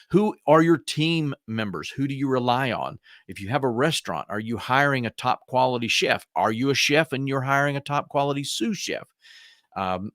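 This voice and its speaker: A man's voice: mid-range voice, fairly bright tone, dry recording, clean studio sound. A man with a rural American accent giving a folksy business training lecture, asking rhetorical questions and repeating key points. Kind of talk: instructional lecture.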